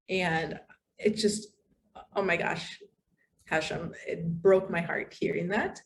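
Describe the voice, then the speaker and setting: An American woman guest talks in a chatty, animated way, with plenty of fillers along the way. Her voice sits fairly low. A faint hiss of noise runs under the recording. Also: takes it slowly. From United States. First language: English. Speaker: podcast guest, content writer. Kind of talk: casual interview chat.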